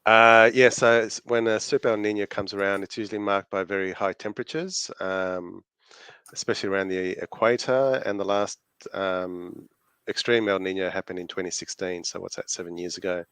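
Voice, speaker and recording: A man with an Australian accent co-hosting a podcast, explaining things in an easygoing, halting way. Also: low voice, fairly even intonation, a bit bright, clear, resonant tone, no room sound. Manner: easygoing, laughs often, halting. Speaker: podcast co-host. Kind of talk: casual chat.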